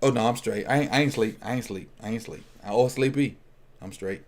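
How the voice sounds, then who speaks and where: Man, casual draft-party chat, mid-pitched voice, loose and joking, thinking out loud, trailing restarts. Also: a little fast. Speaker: football fan at a draft watch party.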